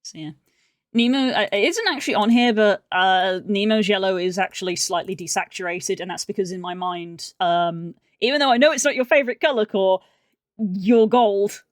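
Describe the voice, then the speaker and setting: A woman's voice: mid-range voice, moderate pace, dry recording, clean studio sound. A young woman streaming while editing video, rambling and musing aloud to her chat in a casual way.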